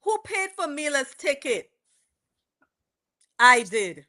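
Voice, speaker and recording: A woman with a Caribbean accent talks in a high, bright voice. She chats on a podcast and acts out the back-and-forth of a story with lots of energy. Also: slow pace. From Virgin Islands. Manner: animated, acts out quoted dialogue. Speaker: podcast co-host. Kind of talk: casual gossip chat.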